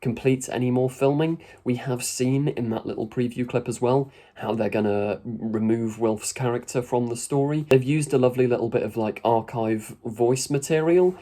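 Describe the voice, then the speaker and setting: A man's voice: mid-range voice, normal speed, few pauses, dark tone. A man giving a chatty, rambling video review with casual asides. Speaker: YouTube reviewer.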